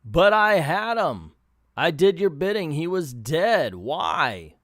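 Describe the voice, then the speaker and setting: A man voicing a frothing, vengeful male alien bounty hunter from a comic, who snarls and shouts threats. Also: on the high side, unhurried, no echo, studio quality. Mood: outraged.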